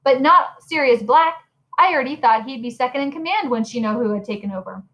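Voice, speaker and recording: A woman voicing an excitable, gossipy young male bus conductor with slangy, jumpy talk. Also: high-pitched, brisk, low-quality recording.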